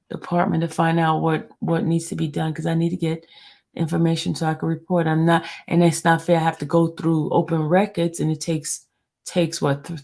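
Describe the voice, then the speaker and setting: A woman's voice: deep voice, vocal fry, a little mellow. A woman blogger on a live stream, talking to her viewers in a frustrated way and often repeating herself. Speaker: court news blogger.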